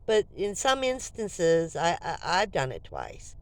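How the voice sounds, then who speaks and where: An older woman vlogging, telling a story to her viewers in a casual, animated and jokey way. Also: fairly low pitch, takes it slowly.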